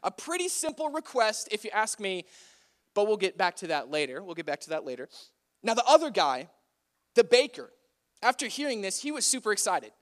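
A young man with a fairly high voice retells a Bible story as casual chat. He keeps it playful and conversational and fills it with "like" and "right?". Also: very animated, a little fast. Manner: chatty, playful, often says "like".

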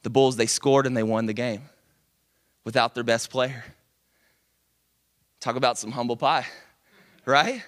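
A middle-aged man preaching a sermon, telling a story with lively, animated delivery and loud acted-out quotes. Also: mid-range voice, measured pace, long pauses.

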